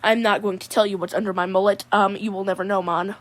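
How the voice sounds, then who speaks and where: A woman's voice: mid-range voice, flat delivery, fast, lightly acted. A woman voicing a goofy, laid-back young guy with a mullet, drawling and rambling as he keeps calling people "mon". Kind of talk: comedic character monologue.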